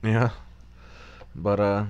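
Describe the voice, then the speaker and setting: A man's voice: on the low side, extremely slow, clear, resonant tone, no echo, lo-fi sound. A man co-hosting a casual podcast chat, rambling as he recaps an episode and acts out the characters' lines. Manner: rambling, animated retelling with acted quotes. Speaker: podcast co-host.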